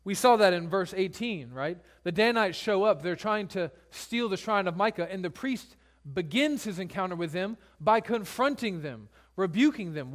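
A man's voice: high voice, animated, normal speed. A male pastor preaching a sermon, retelling scripture in casual everyday speech.

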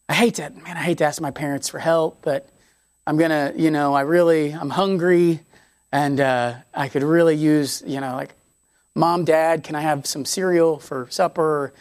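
A timid, halting young person, nervous about asking their parents for food, as a woman preacher puts on the voice. The voice sits low and hushed, stalling on fillers and sinking toward a whisper. It is dry and close to the mic. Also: fairly even intonation, dry recording. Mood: sheepish. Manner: hesitant, halting, trailing to a whisper.

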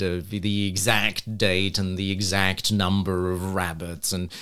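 A man's voice: deep voice, level tone, unhurried, hardly any pauses, fairly bright tone, clear, resonant tone. A man co-hosting a casual chat, telling a story with wry asides. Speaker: podcast co-host.

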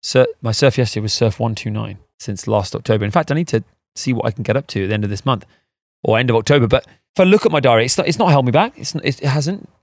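A man co-hosting a podcast, chatting casually with jokey banter and laughing often, and leading a slow breathing exercise. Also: medium pitch, expressive, no room sound, studio quality. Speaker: podcast co-host. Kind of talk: casual chat and guided breathing.

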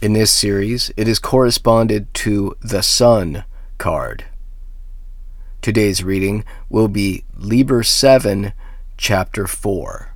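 A man giving a solemn, scripted reading of archaic mystical text in a slow, hushed, intoning voice. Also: on the low side, no room sound, clean studio sound. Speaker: reader of a daily devotional text series.

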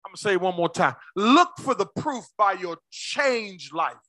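Man preaching hard, really high bright voice, dry sound, calls out to the crowd then drops way down. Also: big pitch swings, moderate pace, no echo. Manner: impassioned preaching with call-and-response; swings between shouts and low asides. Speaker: pastor. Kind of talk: sermon.

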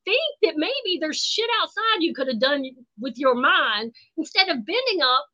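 A woman guest telling stories in a blunt, animated, profane way in casual chat. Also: sits high, moderate pace. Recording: dull lo-fi sound.

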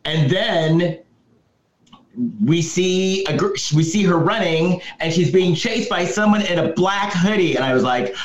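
A man co-hosts a casual podcast and retells a movie plot step by step, often answering with firm repeated yeses. His voice sits a little high. The recording is roomy and dull, like lo-fi audio in an echoing room. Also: a little slow. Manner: storytelling recap, emphatic repeated yeses. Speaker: podcast co-host. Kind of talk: casual movie recap chat.

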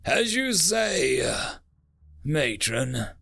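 A man voicing a bulky, crude male mining cyborg who speaks in a booming, deliberate way. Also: big pitch swings, gravelly, fairly bright tone, full character voice. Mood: solemn.

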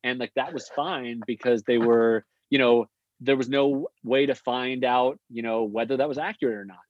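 A young man, a guest, telling stories casually, quick and chatty with many fillers. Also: mid-range voice, steady tone, no room sound. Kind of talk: casual storytelling. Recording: dull lo-fi sound.

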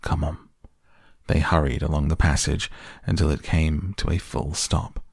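A man narrating a children's story aloud in a measured, dramatic way. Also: sits low, creaky, a little mellow, dry recording, studio quality. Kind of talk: storybook reading.

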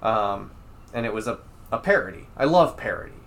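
A man co-hosting a casual chat. He is animated, swears freely and acts out quotes in exaggerated voices. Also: lowish voice, a little fast, vocal fry.

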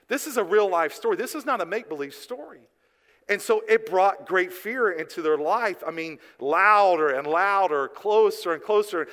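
A man preaching a sermon as pastor, swinging between hushed and emphatic delivery. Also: fairly high pitch. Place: church sanctuary. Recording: long hall reverb from the church.

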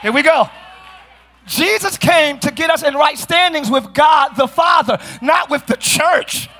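Preaching in a church sanctuary at a measured pace, this middle-aged male pastor has a very high-pitched voice. He often shouts during the sermon and tosses playful remarks to the congregation.

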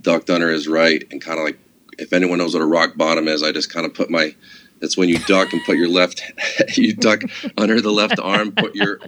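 Very deep-voiced laid-back man. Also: steady tone, brisk, a bit bright. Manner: laid-back, rambling storyteller, heavy use of "like" and swearing. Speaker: guest, comedy club security guard. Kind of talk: casual conversation.

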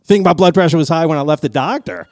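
A man telling a story on a podcast, animated and swearing a lot, his voice jumping high when he gets excited. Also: fast, dry recording, clean studio sound. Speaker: podcast co-host. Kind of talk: casual chat, storytelling.

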